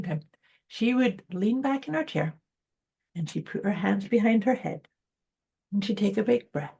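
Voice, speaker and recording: A woman with a slightly husky, breathy voice co-hosts a casual motivational podcast. She talks in an encouraging, affirming way. Her pitch sits in the middle range. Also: animated, a little slow, long pauses, a little mellow. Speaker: podcast co-host.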